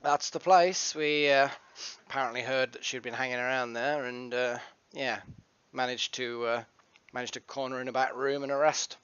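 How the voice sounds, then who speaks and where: A man's voice: medium pitch, steady tone, moderate pace, a bit bright, smooth, no echo, highs cut off. A man playing a tabletop game, chatty and joking as he describes his character's actions. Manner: chatty, jokey. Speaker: player.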